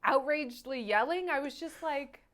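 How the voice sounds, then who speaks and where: High pitched woman host, animated and exasperated, casual film chat. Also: normal speed. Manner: animated, exasperated, restarts and trails off. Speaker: podcast host, film reviewer.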